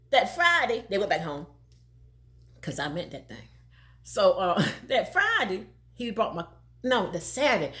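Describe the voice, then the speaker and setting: An older woman telling a story in casual talk, laughing often as she goes. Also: high-pitched. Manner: animated, laughing often, country dialect.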